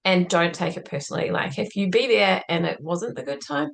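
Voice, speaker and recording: A woman's voice: fairly low pitch, lively intonation, fairly quick, vocal fry. A woman as a podcast guest, telling a personal story in an earnest, reflective way and often saying "like". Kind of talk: conversational interview storytelling.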